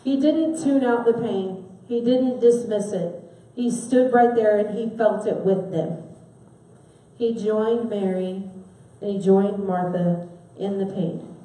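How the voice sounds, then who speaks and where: Woman, sermon, mellow voice, very echoey hall, far from mic. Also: mid-range voice. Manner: asks the listeners questions, stresses words with soft pauses. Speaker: preacher.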